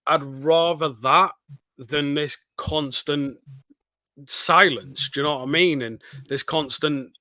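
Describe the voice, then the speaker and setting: A man's voice: on the high side, slow, bright, forceful tone, no echo. A man from North Wales with a North Welsh accent tinged with Scouse, chatting casually as a co-host and rambling with lots of "do you know what I mean.". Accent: North Welsh, with some Scouse. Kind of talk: casual chat.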